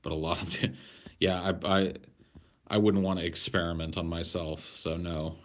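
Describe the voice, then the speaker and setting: A man in his thirties, a podcast host, answering viewer questions in blunt, profane, deadpan casual chat. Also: sits low, normal speed. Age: 30s.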